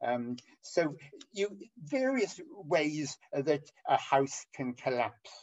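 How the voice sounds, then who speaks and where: Halting older preacher, lo-fi. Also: male voice, fairly high pitch, sing-song, darkish tone. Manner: halting, with many ums and restarts. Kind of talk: sermon over an online call. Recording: dull lo-fi audio.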